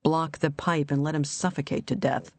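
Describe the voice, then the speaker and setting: A cold, alien voice inside the mind, put on by a woman narrator, quiet and insistent. It speaks flatly, pressing without raising itself. Read as part of an audiobook. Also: low-pitched, normal speed, no echo, close to an everyday voice. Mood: cold urging. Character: cold, alien voice urging murder.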